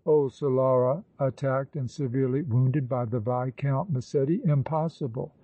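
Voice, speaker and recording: A man reading the lines of a confident, imperious nobleman in an audiobook, in a calm and assured manner. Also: medium pitch, moderate pace, no echo, phone-quality sound, close to an everyday voice. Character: commanding confident nobleman, the Count.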